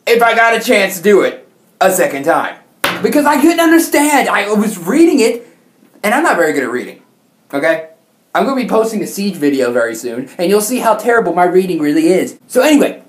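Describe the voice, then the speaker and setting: A woman YouTuber telling a comic story in an animated, exaggerated, mock-outraged way. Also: medium pitch. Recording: roomy echo.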